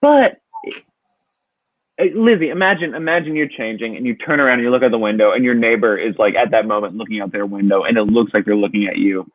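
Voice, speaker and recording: A man's voice: on the low side, fast talker, no echo. Man, anxious rambling, lots of fillers, tinny phone-like sound, dry. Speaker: guest asking for advice. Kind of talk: casual comedic advice chat. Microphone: video call.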